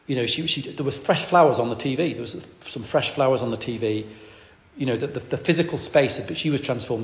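Vicar man preaching quick, repeats himself for punch, big echoey church hall. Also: medium pitch. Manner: lively storyteller, repeats phrases for emphasis. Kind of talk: storytelling sermon. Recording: echoey hall, long reverb.

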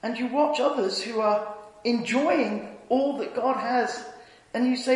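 A man preaching a sermon, telling stories earnestly and dropping to a hush on tender points. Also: extremely high pitch, a little slow. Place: church. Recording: echoey church hall.

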